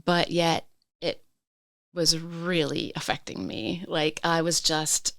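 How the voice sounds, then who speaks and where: A woman podcast guest telling a personal story in a slow, reflective way, reliving the emotions. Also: sits low, steady tone, a bit bright, slight background noise.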